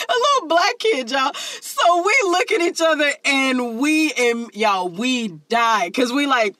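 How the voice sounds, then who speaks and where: A man co-hosting a casual chat, telling school stories in an animated, slangy way and laughing often. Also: very high voice, unhurried, dry recording, poor audio. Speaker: school staff member and podcast co-host.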